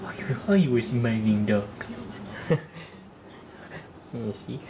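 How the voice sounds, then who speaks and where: A man vlogging as he talks to his dog in soft, doting baby talk that often drops to a half-whisper, picked up by a camera microphone. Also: medium pitch, lively intonation, slow pace, pauses often. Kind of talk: casual vlog talking to his dog. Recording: noisy home video recording.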